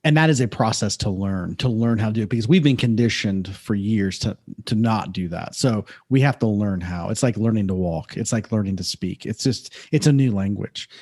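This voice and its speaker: A podcast host conducts a conversational interview in a fairly low, slightly mellow voice with a breathy edge, keeping a moderate pace with few pauses. He's reflective and affirming, often calling things "beautiful."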